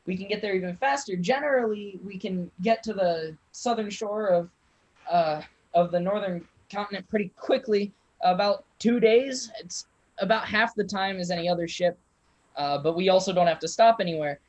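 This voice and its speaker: Man playing a brisk sea captain, quick talk, raised pitch, tabletop game. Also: lo-fi sound, close to an everyday voice. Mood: upbeat. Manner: quick, upbeat. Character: brisk male ship captain.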